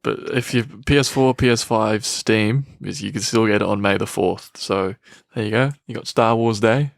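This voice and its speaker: A man's voice: on the low side, normal speed, creaky, dry recording. A young man co-hosting a casual sports podcast, laid-back and teasing, chuckling often. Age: young adult. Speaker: podcast co-host. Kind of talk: casual chat.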